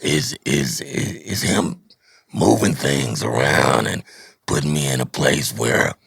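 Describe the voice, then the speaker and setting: A middle-aged man with a very deep, gravelly, husky voice. His pitch rises and falls widely as he tells reflective stories. The sound is dry and close to the mic. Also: animated, takes it slowly, fairly bright tone, no room sound. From Dallas, Texas. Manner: reflective, storytelling, repeats words. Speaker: rapper guest. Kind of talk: casual interview conversation.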